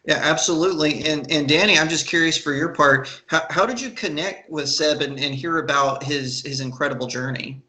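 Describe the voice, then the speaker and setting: A man's voice: on the high side, normal speed, few pauses, bright, forceful tone, rough recording. A young adult man hosting an interview, asking questions in a curious, hesitant way. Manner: curious and hesitant, many fillers. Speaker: interview host. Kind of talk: casual interview.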